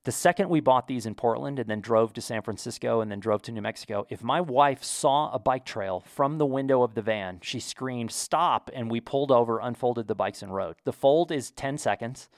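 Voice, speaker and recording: A man's voice: medium pitch, brisk, few pauses, no room sound, clean studio sound. An American man telling an enthusiastic, chatty story to his viewers in a casual vlog. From United States. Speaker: vlogger. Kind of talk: casual talk to camera.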